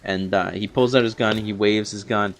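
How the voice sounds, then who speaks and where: A man's voice: fairly low pitch, steady tone, moderate pace, slight background noise. A young man recapping a TV episode in a long, rambling unscripted review, full of fillers and restarts. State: a little out of breath from long talking.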